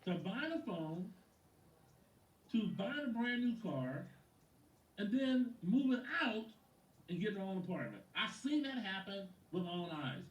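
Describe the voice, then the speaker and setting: A man who is a sales coach gives a lively motivational training talk, telling stories about clients and acting out their words. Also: high-pitched, a little slow, dull audio. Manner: animated storyteller, acts out quotes, addresses a listener by name. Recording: roomy echo from a distant mic.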